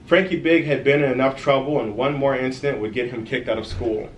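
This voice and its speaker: A man reading his own children's story aloud in a lively way, adding friendly asides to the kids who listen. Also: mid-range voice, fairly quick, roomy sound, slight background noise.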